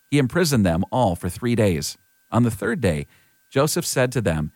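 A man with a fairly low voice reads scripture aloud in a measured, even way. He is close to the mic. The sound is dry, with no room echo. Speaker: scripture reader. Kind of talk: scripture reading.

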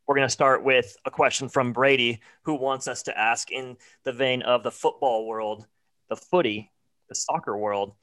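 A man's voice: medium pitch, fairly even intonation, normal speed, fairly bright tone. A young man hosting a sports podcast, chatting casually and reading a listener question. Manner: upbeat, reads listener questions. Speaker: podcast co-host.

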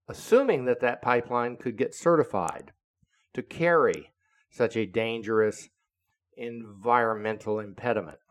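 A man in his seventies, a retired naval officer, telling a story in an indignant, deliberate, lecturing way. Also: lowish voice. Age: 70s. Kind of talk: casual storytelling monologue.

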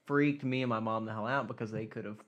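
A man's voice: fairly low pitch, fairly even intonation, fast talker, muffled recording, a crowd in the background. A young man co-hosting a podcast, laid-back and self-deprecating, with casual swearing. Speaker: podcast co-host. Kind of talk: casual chat.

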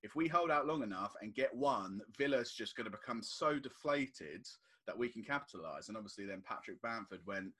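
A man's voice: lowish voice, a little fast, few pauses, slightly rough. A man co-hosting a casual football podcast, telling stories and acting out what people said. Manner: animated storytelling, acts out quotes. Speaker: podcast co-host.

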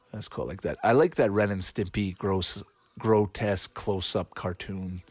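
A man with a fairly low, husky voice chats casually while watching a cartoon, recorded without echo. In this watch-along commentary, he laughs often and thinks aloud with fillers.

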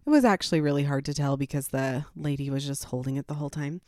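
Mom rambling through a story, lowish voice, laughs a lot, dry close sound. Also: female voice, quick pace, dry recording. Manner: animated, rambling asides, laughs often. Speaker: parent telling a personal story. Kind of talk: casual storytelling to camera.

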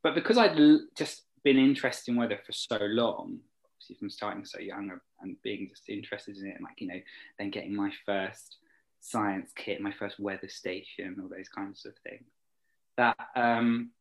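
A man's voice: lowish voice, normal speed, gravelly, poor audio. A young man chatting eagerly as an interview guest, rambling with fillers. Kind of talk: casual interview chat.

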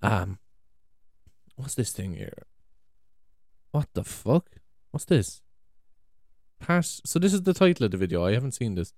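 Man, rambling vlog, cursing, exclaiming, lower-pitched voice, dry close sound. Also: big pitch swings, measured pace, pauses often, darkish tone, no echo. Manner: swearing, exclaiming, trailing off. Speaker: vlogger. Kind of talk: rambling casual monologue. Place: big room at home. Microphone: USB desk microphone.

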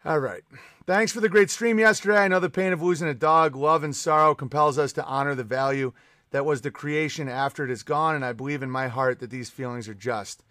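A man's voice: fairly high pitch, brisk, bright, forceful tone, dry recording, studio quality. A man hosting a live stream, reading out chat messages and ranting in a profane, sarcastic and combative way.

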